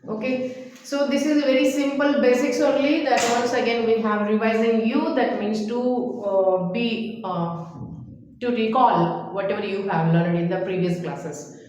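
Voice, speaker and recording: A woman's voice: fairly high pitch, a little mellow. A woman teacher, going through a grammar lesson and repeating word lists. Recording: echoey room, dull lo-fi sound.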